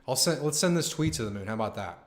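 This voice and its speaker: A young live stream host chats casually with the people watching, sounding excited and slangy. He curses plenty and leans on "dude" and "man," and his mid-range voice moves at a quick pace.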